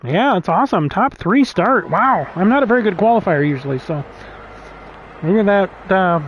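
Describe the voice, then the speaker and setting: A man's voice: high voice, lively intonation, normal speed, highs cut off, slight background noise. A man casually commenting on his own sim race as a streamer, chatty and laughing often, reading out lap times. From United States.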